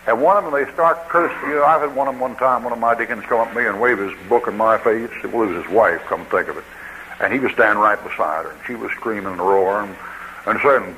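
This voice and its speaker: A man's voice: lowish voice, brisk, bright, forceful tone, a little hiss or hum, low-quality recording. A man preaching a sermon in a folksy, joking way, acting out what people say.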